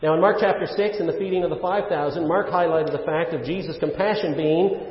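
A male pastor preaching earnestly, his fairly high voice carried through a large, reverberant church. He asks rhetorical questions and fills pauses with "uh". The recording sounds muffled and dull. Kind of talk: sermon.

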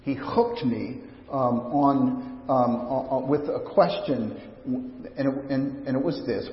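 Recorded in an echoey church sanctuary with dull, lo-fi sound, a pastor delivers a sermon. His medium-pitched voice moves slowly, and he searches conversationally for words, often starting sentences over.

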